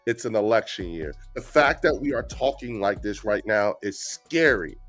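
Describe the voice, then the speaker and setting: Man, blunt and animated guest, faint music underneath. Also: fairly low pitch, normal speed. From New Jersey. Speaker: guest speaker. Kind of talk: casual activist talk.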